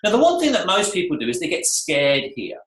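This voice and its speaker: Male coach, upbeat seminar delivery with a swooping, lively pitch and a fairly high voice, echoey room. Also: a little fast. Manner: animated, acts out client and staff voices. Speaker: salon coach.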